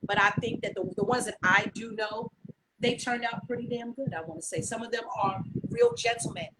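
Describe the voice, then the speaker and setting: A woman's voice: on the high side, very animated, brisk. A woman hosting a live-stream talk show, chatting candidly and freely with plenty of "um" and "you know". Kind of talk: casual live-stream chat. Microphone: computer mic on a live video stream. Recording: noisy stream audio.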